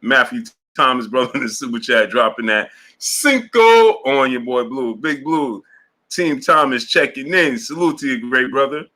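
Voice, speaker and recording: A man hosting a boxing livestream, reading chat messages aloud in a casual style, laughing hard with drawn-out exclamations and playful voices for the lines he quotes. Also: mid-range voice, bright, forceful tone.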